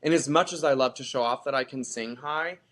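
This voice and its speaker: A theater actor chatting as a guest in a casual interview, animated and talkative, with lots of filler "like". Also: medium pitch, fairly quick.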